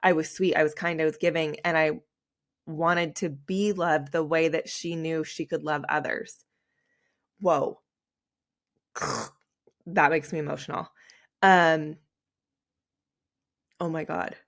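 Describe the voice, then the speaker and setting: A woman's voice: low voice, flat delivery, slow pace, long pauses. A young adult woman hosting a solo podcast, talking candidly and tearfully with many fillers. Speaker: podcast host.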